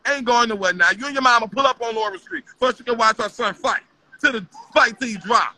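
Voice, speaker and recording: A woman's voice: on the high side, fast talker, sharp tone, no echo, low-quality recording. A woman delivering a heated, profane rant on a live stream, confrontational and repetitive. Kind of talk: heated social media rant.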